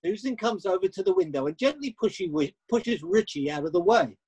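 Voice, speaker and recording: A man gives plain, matter-of-fact scripted narration in a high, husky voice. He reads the story lines evenly between the scenes. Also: expressive, a little fast, a little mellow, rough recording.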